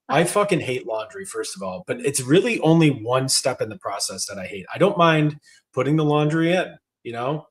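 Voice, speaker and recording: A man in his thirties, a podcast co-host, griping with laid-back profanity in casual chat. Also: fairly high pitch.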